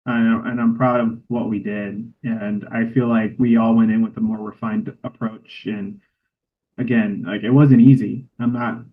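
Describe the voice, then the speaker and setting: A man's voice: on the low side, flat delivery, moderate pace. A man, a cinematographer guest, telling a heartfelt story in a casual interview. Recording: tinny phone-like line.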